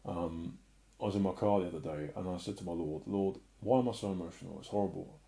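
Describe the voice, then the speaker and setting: Low gravelly middle-aged guy, earnest emotional testimony, kinda mumbly at times. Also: fast. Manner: emotional, earnest, often drops to a soft murmur. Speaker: Christian speaker. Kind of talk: personal testimony and preaching.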